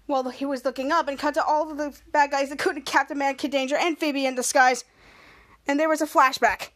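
Brief: high-voiced woman podcaster, rambling recap, dry close sound. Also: fairly even intonation, brisk, a bit bright, no room sound. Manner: rambling with restarts. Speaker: podcast host. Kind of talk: episode recap narration.

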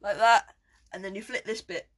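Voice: mid-range voice, steady tone, normal speed, fairly bright tone. A podcast co-host, chatting crudely and bluntly, swearing often and laughing easily. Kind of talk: crude casual banter.

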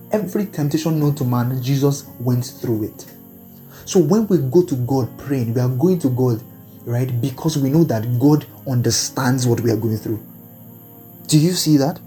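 A man's voice: a little high, warm tone. A man preaching a sermon and leading listeners in earnest, pleading prayer. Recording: faint music behind.

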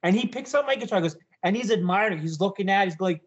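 A man co-hosting a podcast, telling a story in casual chat, animated and swearing, acting out quotes in a shouting voice. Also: high-pitched, quick pace, husky, highs cut off. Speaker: podcast co-host.

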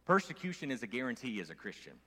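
Man preaching with lively swings. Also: medium pitch, quick pace. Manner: conversational preaching, swinging from loud emphasis to quiet, with fillers and restarts. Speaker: pastor. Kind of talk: sermon. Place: church sanctuary. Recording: long church hall reverb.

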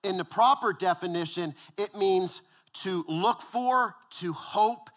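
Taking it slowly, a male pastor gives a conversational sermon, repeating words and dropping into a hushed, low voice for emphasis.

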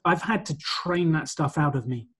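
A man's voice: on the high side, moderate pace, fairly bright tone, slightly rough. A man being interviewed about his work as a presentation coach, explaining his points in a confident, orderly way. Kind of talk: conversational interview.

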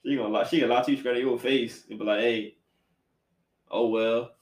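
A man hosting a casual podcast chat, animated and slangy, swinging between loud bursts and quiet asides. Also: medium pitch, brisk. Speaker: podcast host. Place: apartment room. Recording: echoey room.

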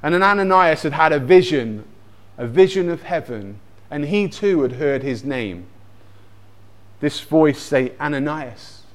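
A man telling a Bible story in a lively, animated way, mixing in personal anecdotes. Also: fairly high pitch, measured pace. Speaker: speaker retelling a Bible story.

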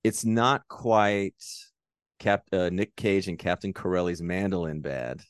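Young male podcast co-host, low voice, dry close sound, animated movie chat, goes into silly put-on voices. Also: a little slow, smooth, no room sound. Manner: animated, acts out movie lines in exaggerated voices.

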